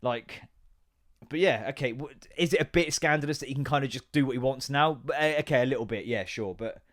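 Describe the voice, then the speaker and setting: A man's voice: mid-range voice, fairly quick, fairly bright tone. A man in his thirties hosting a podcast, rambling through a sweary, self-mocking comic rant. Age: 30s. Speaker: podcast host. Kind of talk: solo comedic rant.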